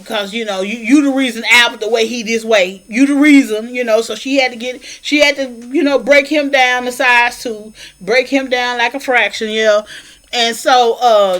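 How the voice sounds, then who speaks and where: High-pitched woman vlogger, animated colloquial storyteller recapping a film. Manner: animated storyteller, colloquial, slips into character voices. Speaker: movie reviewer. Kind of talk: casual plot recap.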